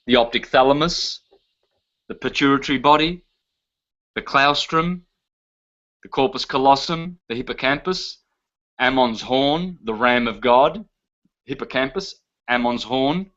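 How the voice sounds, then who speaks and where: A man gives a lecture with a bright, forceful edge, emphatic and insistent as he lists term after term and poses rhetorical questions. The sound is dull and lo-fi, like an old lecture tape. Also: mid-range voice. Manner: emphatic, listing terms one by one, rhetorical questions. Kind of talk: lecture to a live audience.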